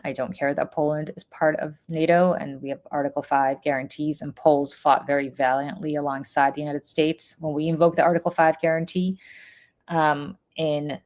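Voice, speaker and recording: A woman with a Russian accent co-hosting a political podcast, talking in an earnest, emphatic way with lots of fillers. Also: low voice. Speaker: podcast co-host. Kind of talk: casual political podcast chat.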